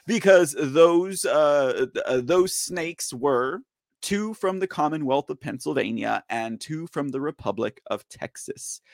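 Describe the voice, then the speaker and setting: A man's voice: fairly high pitch, expressive, a little slow, vocal fry, dry recording, clean studio sound. A man hosting casual political commentary, rambling and chuckling, often checking in with listeners. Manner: rambling, chuckling, keeps saying "okay?" and "guys". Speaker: host.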